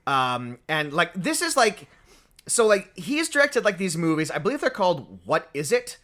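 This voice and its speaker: Young canadian guy on a movie podcast, kinda high voice, bouncy and bright, says like a lot. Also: moderate pace. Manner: animated, many filler "like"s, frequent laughs. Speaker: podcast co-host. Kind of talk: casual movie review chat.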